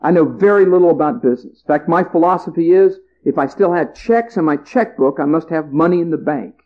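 A man's voice: fairly high pitch, expressive. Folksy male preacher, muffled recording. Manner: conversational, folksy humor; dramatic pauses on key words. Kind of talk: sermon.

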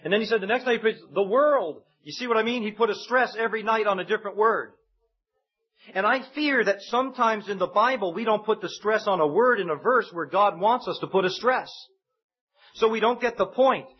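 A man's voice: sits high, slightly rough. A man preaching a sermon in a conversational way, acting out the voices in the stories he retells. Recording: dull lo-fi sound.

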